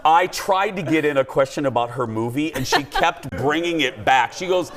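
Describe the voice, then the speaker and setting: A man hosting a lively talk show, chatting fast and turning to the audience with asides. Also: a little high. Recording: studio with audience and noise behind.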